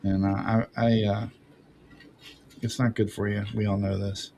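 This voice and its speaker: A man's voice: lowish voice, little pitch movement, unhurried, vocal fry, dark tone, a little hiss or hum. A man telling rambling family stories on a podcast, laughing often at himself. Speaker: podcast guest. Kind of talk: casual storytelling.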